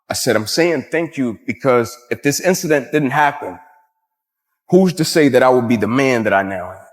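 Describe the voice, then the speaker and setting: A man, a former athlete, telling a personal story in an emphatic, forceful way. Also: medium pitch, animated, normal speed, in a large hall. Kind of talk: motivational storytelling.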